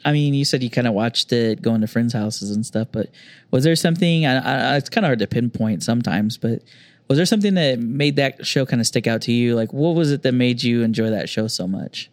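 A man's voice: mid-range voice, animated, a little fast, no room sound. A man hosting a casual chat, laid-back, joking and swearing freely.

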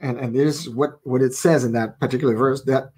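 A man's voice: medium pitch, fairly even intonation, a little fast, dark tone, slightly rough. A man co-hosting a casual faith podcast, playful and fond of wordplay, telling stories with animation. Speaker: podcast co-host and author.

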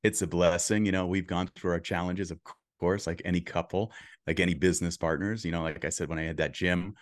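Man, very low voice, podcast guest, earnest coaching tone, restarts, dry recording. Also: fairly even intonation, fairly quick, no room sound. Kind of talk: casual interview chat.

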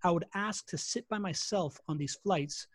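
A man in his forties tells his life story as a podcast guest. He is chatty and self-deprecating and repeats words as he goes. His voice sits fairly high and sounds dry and close. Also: moderate pace, slightly rough, no room sound. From born in Latin America, raised in Miami and Spain. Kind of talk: casual storytelling interview.

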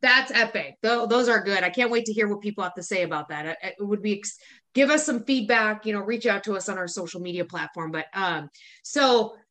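A woman's voice: medium pitch, fairly quick, a bit bright. A woman co-hosting a casual podcast, running through pet peeves in an exasperated, laughing, profane way. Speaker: podcast co-host.

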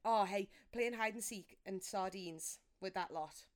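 A woman's voice: mid-range voice, measured pace, crowd noise. A young woman, co-hosting a podcast in casual, jokey chat and laughing often. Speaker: podcast co-host.

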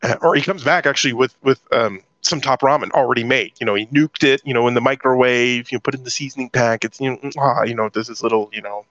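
Animated middle-aged storyteller man, dull audio. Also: medium pitch, fast, hardly any pauses, no room sound. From southern California. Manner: animated storyteller who acts out his own past lines. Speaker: guest telling his life story. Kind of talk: conversational storytelling interview.

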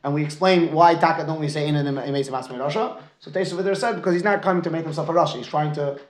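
A man leads a Talmud class at a brisk clip, his voice sitting a little high. He mixes Aramaic and Hebrew terms into his English and keeps asking his students "right?". The echo of the room carries around him. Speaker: Talmud teacher. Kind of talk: lecture with student questions.

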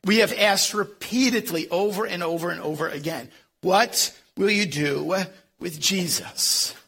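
Bright-voiced, folksy pastor with a Philadelphia accent. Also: male voice, sits high, a little slow, breathy edge. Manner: folksy, self-deprecating humor with frequent um and uh. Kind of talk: sermon.

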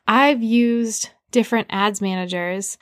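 A woman's voice: mid-range voice, slow, no room sound, clean studio sound. Chatty woman hosting a podcast. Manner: conversational, frequent "like", upbeat coaching tone. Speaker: podcast host. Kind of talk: casual solo podcast advice.

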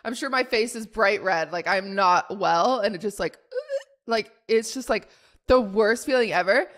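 A young woman co-hosting a podcast, telling a story in a rambling, animated way full of "like". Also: mid-range voice, normal speed. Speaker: podcast co-host. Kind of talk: casual chat storytelling.

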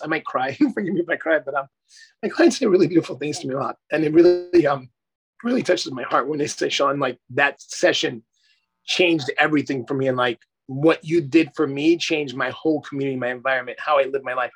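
A man's voice: fairly high pitch, a bit bright, breathy edge. A middle-aged man, a life coach, talking effusively and emphatically in a casual interview, swearing casually.

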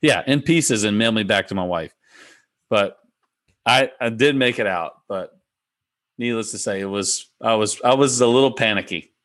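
A young man with a Southern accent telling a rambling, animated story as a guest on a casual podcast, full of restarts and fillers. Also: fairly low pitch, normal speed, no room sound, studio quality. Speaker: professional golfer guest.

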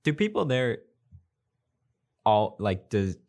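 A young man co-hosting a podcast, chatting casually with quick, teasing asides. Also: fairly low pitch, very animated, darkish tone, no room sound. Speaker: podcast co-host. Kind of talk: casual chat.

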